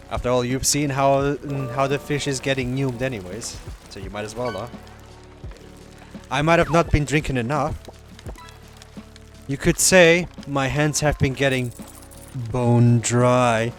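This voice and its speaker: A man live-streaming a game, joking and laughing as he talks to his chat in a playful, casual way. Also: mid-range voice.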